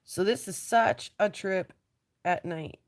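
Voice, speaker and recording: A woman with a stuffy nose and a raspy voice from allergies, chatting casually on a live stream as she shows rocks and trails off with ums. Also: mid-range voice, slow. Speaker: lapidary showing rocks to viewers.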